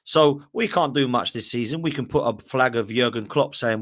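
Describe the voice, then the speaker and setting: A man's voice: medium pitch, a little fast, hardly any pauses, fairly bright tone. A man on a football podcast panel, an Arsenal fan talking in a chatty way and often adding "right?". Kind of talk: casual football debate.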